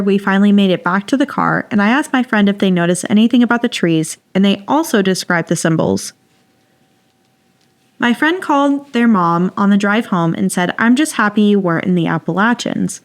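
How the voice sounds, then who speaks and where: Reading a listener's submitted story on a podcast, this co-host uses a mid-range voice and a playful, dramatic delivery, with easy laughter breaking in between lines.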